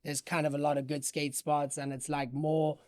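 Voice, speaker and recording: A man from South Africa with a light Johannesburg accent, chatting casually as a podcast guest, slangy and relaxed. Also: on the high side, moderate pace, no echo, clean studio sound. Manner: laid-back, slangy, says "bro" and "quite frankly" a lot. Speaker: guest skateboarder.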